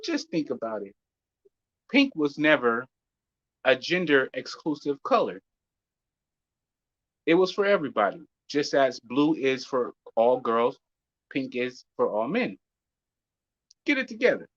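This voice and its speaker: A man putting on the voice of a formal male TV newscaster, with a slow, measured announcer delivery over a video call. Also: medium pitch, big pitch swings, no room sound, muffled recording. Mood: mock-formal.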